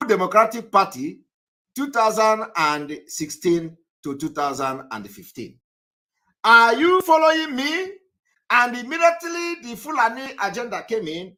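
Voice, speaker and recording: A man's voice: sits high, pushed and bright. A man from Nigeria hosting a live online broadcast, talking straight to viewers in an emphatic, scolding way and repeating his points.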